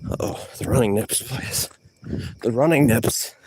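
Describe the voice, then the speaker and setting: A man vlogging live outdoors while jogging, slangy and animated, a bit out of breath, talking into a body-worn mic. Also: mid-range voice, a little slow, background noise.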